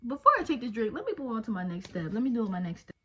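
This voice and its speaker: A woman's voice: on the high side, big pitch swings, rapid-fire, a bit bright, husky, muffled recording. A woman, chatting casually and jokingly at home while doing her makeup. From Texas. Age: 20s. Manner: chatty, slangy, jokey, with trailing fillers. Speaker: beauty vlogger. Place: home, indoors.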